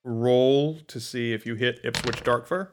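A man's voice: medium pitch, noisy background. A man running a tabletop game as game master, narrating playfully over background music. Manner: playful, doing quick character voices.

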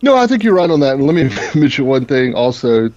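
A man's voice: mid-range voice, sing-song, quick pace, a little mellow, highs cut off, a little hiss or hum. A man with a Southern US accent from North Alabama, co-hosting a podcast and telling anecdotes in casual chat. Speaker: podcast co-host.

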